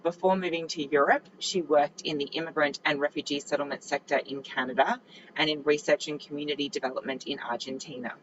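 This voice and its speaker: A woman's voice: deep voice, steady tone, brisk, noisy background. A woman with an Australian accent, moderating an online workshop and introducing speakers graciously over a video call. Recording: muffled video-call audio.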